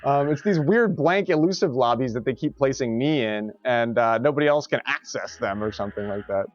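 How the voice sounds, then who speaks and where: A man streaming an online golf game live, commenting excitedly, laughing often, swearing and scolding himself over his shots. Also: mid-range voice, dull audio. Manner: excitable, swearing, quick to laugh and self-critical.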